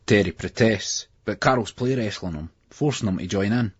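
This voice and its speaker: Husky man narrating a gritty novel. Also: on the low side, normal speed, hardly any pauses. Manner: gritty, raw delivery with heavy swearing. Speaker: audiobook narrator. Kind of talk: first-person novel narration. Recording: muffled lo-fi audiobook recording.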